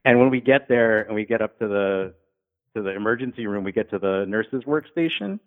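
A man casually telling funny stories from his paramedic work, acting out the people he met in high voices. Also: brisk. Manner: animated, acts out drunk patients in high voices. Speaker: guest, former paramedic. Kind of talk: casual storytelling. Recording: tinny phone-like sound.

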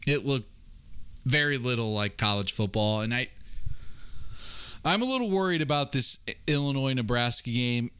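Male podcast co-host, bright and smooth, casual analytical picks, stammers on restarts. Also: mid-range voice, expressive, normal speed, long pauses.

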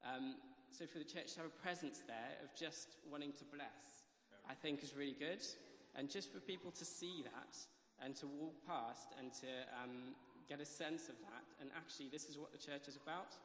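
A man's voice: on the high side, normal speed, hardly any pauses, fairly bright tone. Hesitant man testifying in an echoey hall. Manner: hesitant, many ums and restarts. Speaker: church member giving testimony. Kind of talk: casual testimony in church. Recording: echoey hall, live church mic.

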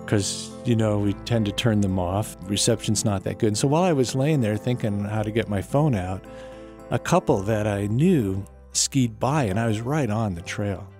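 A man telling a personal story in an unhurried, wry way, with small quiet laughs between lines. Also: lowish voice, soft background music. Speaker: storyteller guest. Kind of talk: personal story told to an interviewer.

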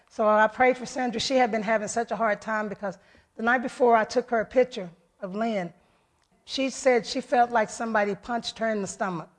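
A woman giving an earnest, heartfelt personal testimony to her church, retelling events through many quoted voices. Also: a little high. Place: church service.

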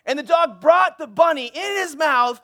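A man's voice: very high voice, normal speed. A man preaching a sermon in a church, cracking jokes and telling a comic story with playful asides. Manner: joking, animated, playful asides. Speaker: pastor. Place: church sanctuary.

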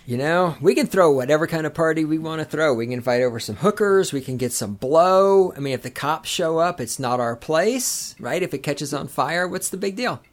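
A man's voice: a little high, lively intonation, brisk, hardly any pauses. A man with a Southern American accent, a guest podcast host chatting casually in a brash, emphatic, joking way. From Southern United States.

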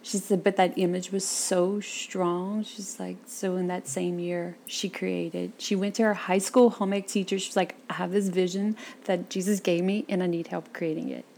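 Woman, interview guest, lively storyteller, quotes people in their voices, gravelly voice. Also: fairly low pitch, moderate pace, hardly any pauses, slight background noise. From south Louisiana.

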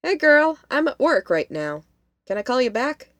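A woman's voice: high-pitched, big pitch swings, moderate pace, no echo, voice pushed up. A woman voicing a busy, matter-of-fact young female college student. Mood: brisk.

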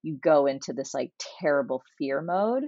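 A woman in her forties with a low, husky voice, talking in a chatty, animated interview. Her sound is dry and a little dull and muffled. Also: normal speed, no echo. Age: 40s. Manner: chatty, animated storytelling with many fillers. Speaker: guest. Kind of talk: casual conversational interview.

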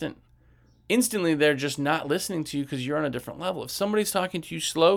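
Speaking very fast in a slightly high voice with vocal fry, the coach delivers animated, conversational business advice. He asks rhetorical questions and plays out what customers say.

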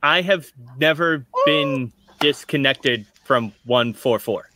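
A man voicing a stiff, formal corporate agent who speaks in a halting, measured way. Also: mid-range voice, noisy background, close to an everyday voice.

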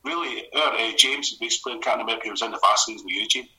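A middle-aged Scottish man, a comedy writer, telling stories in a casual radio conversation with quick restarts and laughs. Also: mid-range voice, low-quality recording. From Scotland. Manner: rapid, animated storytelling with restarts and laughs.

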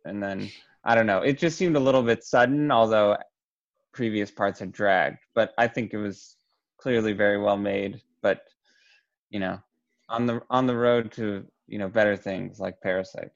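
A man's voice: on the low side, steady tone, normal speed, highs cut off. A man co-hosting a podcast, giving a casual film review in a hesitant, conversational way. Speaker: podcast co-host.

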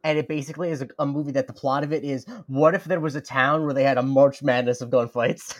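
Fast-talking male podcast co-host. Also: mid-range voice, steady tone. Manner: chatty, laughs often. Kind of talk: casual chat.

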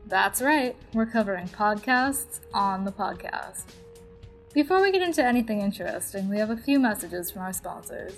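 A woman's voice: medium pitch, animated, moderate pace, soft background music, rough recording. A woman parodying a self-absorbed podcast host in a sarcastic comedy monologue.

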